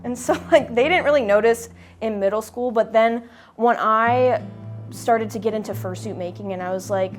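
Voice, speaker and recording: A woman's voice: a little high, normal speed. Chatty young woman over background music. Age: young adult. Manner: chatty, peppered with "like". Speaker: interviewee, fursuit maker. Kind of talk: documentary interview.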